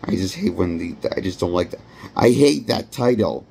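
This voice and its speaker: A man's voice: sits low, animated, normal speed, gravelly, a little mellow, slightly rough. A man giving a rambling, blunt and profane movie review. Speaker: movie critic. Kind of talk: ranting film review.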